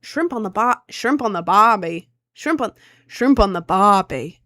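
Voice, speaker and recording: A rambling man in a clumsy mock Australian accent, as a woman puts him on, over-explaining and repeating himself in a raised, louder, higher voice. The sound is dry and close. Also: animated, a little fast, no room sound. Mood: lecturing.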